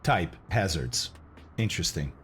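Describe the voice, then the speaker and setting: A man's voice: low voice, expressive, a little slow, fairly bright tone, soft background music. A man chatting casually on a live stream, thanking viewers and exclaiming and groaning as he reacts to the chat. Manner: groaning and exclaiming over bad-tasting candy. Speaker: flight simulator streamer.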